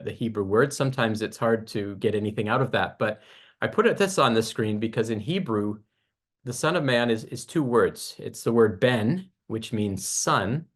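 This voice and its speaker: A man delivering a recorded Bible lesson at a middle pitch. He explains patiently and methodically, circling back to restart phrases as he builds each point. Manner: explanatory, measured, with frequent restarts. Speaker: Bible teacher.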